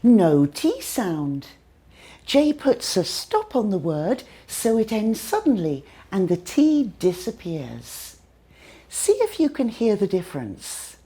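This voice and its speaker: A woman's voice: mid-range voice, huge pitch swings, mellow, slightly rough. A British woman teaching an English lesson, carefully demonstrating how words are pronounced. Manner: slow, careful demonstrations of pronunciation. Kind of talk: scripted language lesson.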